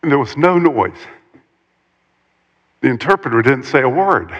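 A man preaching a sermon, retelling a story with animated, dramatic delivery and pauses. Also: mid-range voice, long reverb tail, muffled recording.

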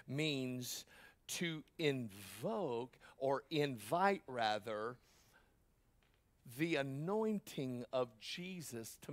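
A male pastor, preaching a sermon with passion that swells into shouts, broken up by joking asides. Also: mid-range voice, no room sound. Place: church.

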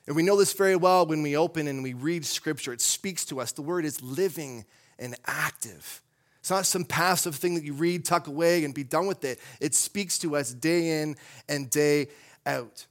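Conversational man preaching, fairly high voice. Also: normal speed. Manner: conversational, with asides and restarts. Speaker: pastor. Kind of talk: sermon. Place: church sanctuary.

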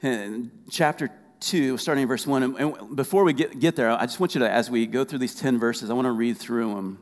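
Man preaching in a reverberant hall. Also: medium pitch. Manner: conversational preaching with humor, reads scripture slowly. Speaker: pastor. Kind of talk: sermon.

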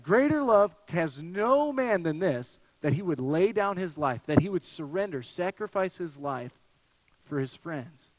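A pastor with a high voice preaches in a conversational way, telling lively stories and often restarting his sentences. His voice sounds close and dry, and a long hall reverb trails behind it. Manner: conversational, animated storytelling with frequent restarts. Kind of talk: sermon.

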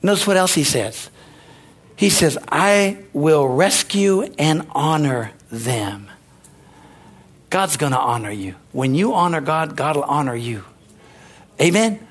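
A man preaching a sermon as pastor, folksy and animated, with sudden rises in pitch. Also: slow, pauses often, slightly rough.

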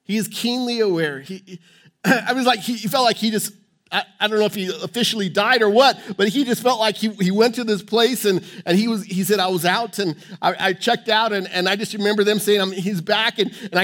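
A man's voice: high voice, fairly even intonation, fairly quick, a bit bright. A pastor preaching a sermon in church, emphatic and repetitive, often restarting his sentences.

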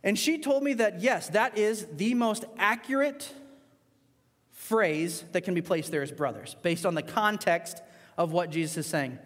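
Male preacher, high voice, emphatic sermon delivery, loud peaks and hushed asides, long hall reverb. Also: unhurried. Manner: emphatic, swings between loud rising points and quiet asides. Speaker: pastor.

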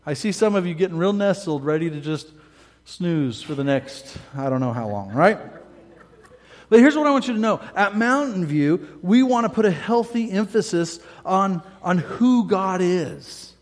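High-voiced pastor in a reverberant church. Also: male voice, animated, moderate pace. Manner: conversational, often asks "right?" and acts out listeners' voices. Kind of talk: sermon.

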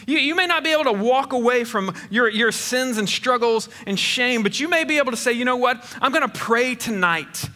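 A middle-aged man preaches in a church hall, his voice high and bright for a man and ringing with long reverb. He talks earnestly and conversationally, often restarting his phrases. The sermon has a warm, storytelling feel. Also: expressive, fairly quick, hardly any pauses. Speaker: pastor. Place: church sanctuary.

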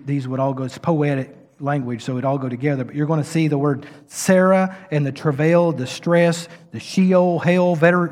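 Impassioned preacher man in a reverberant hall. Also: on the high side. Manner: impassioned preaching, building to loud emphatic peaks. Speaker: pastor. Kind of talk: sermon.

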